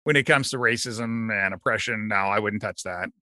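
A man's voice: lowish voice, moderate pace, sharp tone, no room sound, clean studio sound. A man who does voice work as a guest on a casual talk show, easygoing and blunt, laughing often. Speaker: voice actor guest. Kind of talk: casual chat.

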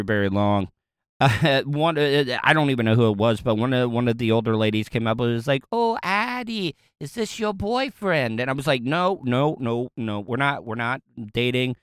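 A man's voice: medium pitch, fairly bright tone, clean tone, dry recording, studio quality. A man with a Southern US accent telling a casual, rambling story to his viewers, with lots of fillers, restarts and chuckles.

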